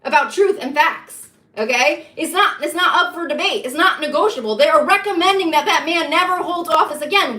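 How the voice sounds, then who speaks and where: Casting: woman, bright and high, emphatic and repetitive political rant. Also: a little fast, few pauses. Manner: emphatic, repetitive, rising to heated insistence. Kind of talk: impassioned political monologue. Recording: echoey room.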